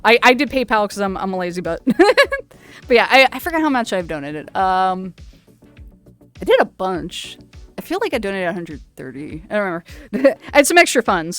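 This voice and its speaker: A woman's voice: mid-range voice, sing-song, fairly quick, fairly bright tone, faint music behind. A woman hosting a charity livestream from home in a VR chat, talking casually and laughing often. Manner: giggly and chatty, laughs often. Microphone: VR headset mic.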